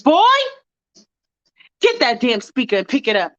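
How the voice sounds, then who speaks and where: A woman's voice: fairly high pitch, sing-song, a little slow. A woman voicing a strict, bossy father who threatens and scolds his grown sons. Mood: scolding. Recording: dull lo-fi dry recording.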